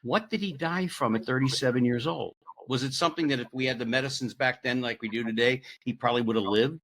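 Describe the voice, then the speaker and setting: A man's voice: medium pitch, quick pace, fairly bright tone. A man from Florida hosting a podcast, chatting casually and rambling through asides. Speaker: podcast host. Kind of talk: casual interview chat.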